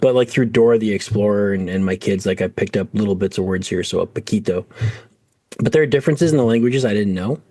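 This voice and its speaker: A man's voice: fairly low pitch, quick pace, warm tone, dry recording. Tired sick man, podcast co-host, jokey, self-deprecating, dry close mic. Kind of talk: casual chat.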